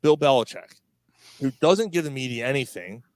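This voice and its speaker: A man's voice: mid-range voice, normal speed, dry recording. A man co-hosting a casual sports podcast, talking bluntly and with plenty of swearing. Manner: blunt, animated, swears freely. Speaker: podcast co-host.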